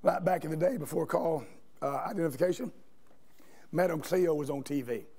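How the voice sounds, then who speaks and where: High-voiced preacher. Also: male voice, a little fast, a little mellow. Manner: storytelling, asks the congregation questions. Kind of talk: sermon. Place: church sanctuary.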